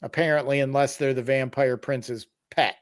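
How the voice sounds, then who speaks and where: A man's voice: mid-range voice, fairly even intonation, moderate pace. A man hosting a podcast, casually telling a tabletop horror story with wry asides and explanations. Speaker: podcast host.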